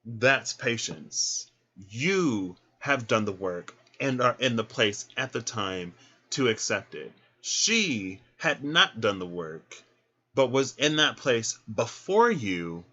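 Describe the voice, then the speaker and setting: A man giving a casual tarot reading, chatty and animated, who laughs often and acts out little scenes. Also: mid-range voice, takes it slowly, dull audio. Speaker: tarot reader.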